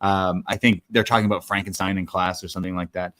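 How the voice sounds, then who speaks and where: A man's voice: low voice, flat delivery, fast talker, a bit bright. A man co-hosting a casual movie review podcast, recapping the plot loosely with filler words and swearing. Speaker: podcast co-host.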